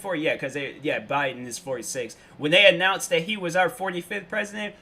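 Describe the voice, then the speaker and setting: A man's voice: a little high, bright, forceful tone. A young man hosting his own show, talking in a casual, slangy monologue that rambles and keeps losing its thread. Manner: rambling, slangy, loses his train of thought. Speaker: show host. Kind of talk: casual solo vlog monologue.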